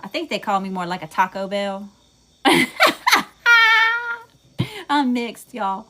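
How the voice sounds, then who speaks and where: A woman's voice: mid-range voice, slow pace, a little hiss or hum. A woman with a Southern US accent giving a casual tarot reading, chatty and swearing freely as she talks to her audience. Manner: chatty, swears freely, says y'all a lot, laughs at herself. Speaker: tarot reader.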